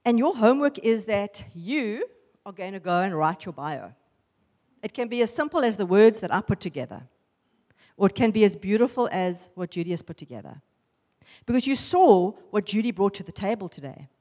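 A woman giving a lively testimony sermon to a women's church gathering, acting out the voices in her stories. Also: medium pitch, normal speed, in a large hall. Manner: animated storytelling, acting out voices. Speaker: women's ministry speaker. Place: church hall.

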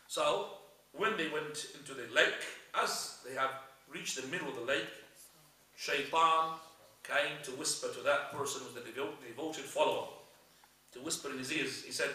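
A male religious teacher giving a lesson, retelling stories in an animated way. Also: fairly high pitch, normal speed. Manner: animated storyteller, frequent fillers and restarts. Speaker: Islamic teacher. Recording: echoey room, speaker far from mic.

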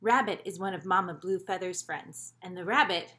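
Bright, animated woman teaching kids. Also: lowish voice, moderate pace, slight background noise. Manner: animated, encouraging. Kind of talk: children's story movement lesson.

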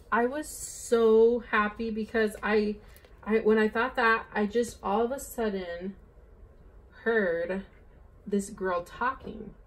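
A young woman chatting casually while she fills in her planner, rambling and bubbly, saying "like" and "oh my gosh" often. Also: mid-range voice. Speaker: planner vlogger. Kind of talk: casual chatty plan-with-me vlog.

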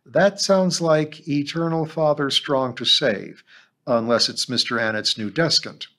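A man's voice: fairly high pitch, unhurried, pushed and bright. A man voicing a wry, dryly exasperated middle-aged woman schoolteacher.

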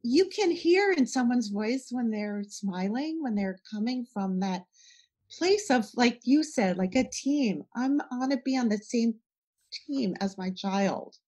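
A woman's voice: a little high, a little slow. A middle-aged woman, a parenting educator, talking in a casual podcast interview and acting out little conversations with her kids as examples. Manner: animated, talks through examples with acted-out dialogue.

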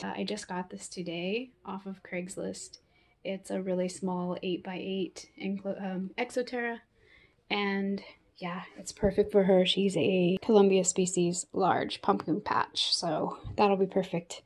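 A woman vlogging about her pet tarantula, talking softly and breathlessly with lots of fillers. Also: medium pitch, steady tone, measured pace. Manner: breathless and emotional, soft-spoken with frequent fillers. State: out of breath from excitement. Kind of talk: excited casual vlog narration.

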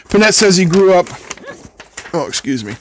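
A man's voice: high voice, sing-song, normal speed, slight background noise. Chatty older man soldering and rambling. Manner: rambling, chatty, answers chat between steps. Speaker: host of an electronics build stream. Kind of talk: casual chat while soldering.

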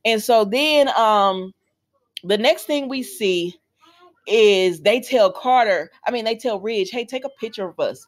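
A woman hosting a casual soap opera recap, chatty, retelling scenes with quick quoted voices and sassy asides. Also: on the high side.

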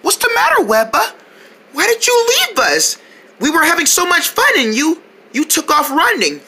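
A frantic, doting mother cricket from a children's cartoon, voiced by a woman. She calls in a very high, breathy voice whose pitch swoops wildly. Her tone is bright and piercing. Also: very animated, normal speed, heavily acted. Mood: concerned. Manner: shrill, frantic calling. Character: anxious loving mother cricket.

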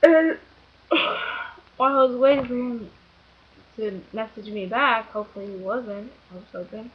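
A woman's voice: on the high side, measured pace, husky, muffled recording. A young woman telling a story casually, rambling and giggly, with many fillers. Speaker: vlogger.

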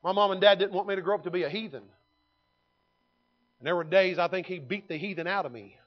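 A man, preaching a sermon in a folksy storytelling way that swings from loud to hushed. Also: sits high, quick pace, lo-fi sound. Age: 50s. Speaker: pastor. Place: church sanctuary.

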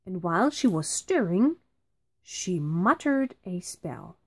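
A woman teacher reading a children's storybook aloud, slow and very expressive. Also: on the low side, husky, dry recording.

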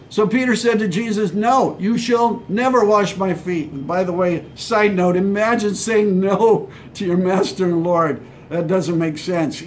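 A man's voice: high-pitched, darkish tone, a little hiss or hum. A man from Hawaii preaching a short devotional sermon in a conversational way, now and then acting out imagined replies. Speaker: pastor.

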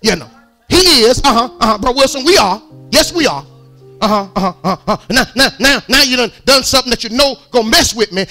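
A man preaching a sermon in church, speaking. He talks to the congregation in a conversational, animated way and builds to loud, strained peaks. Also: very high-pitched, a little fast, music in the background. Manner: rises into shouted, strained peaks.

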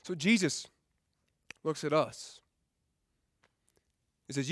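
High-voiced man preaching conversationally. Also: animated, a little fast, fairly bright tone, no room sound. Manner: conversational, often stumbles and repeats words; keeps checking in with the crowd with "right?". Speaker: pastor. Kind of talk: sermon. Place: rented event hall used for church.

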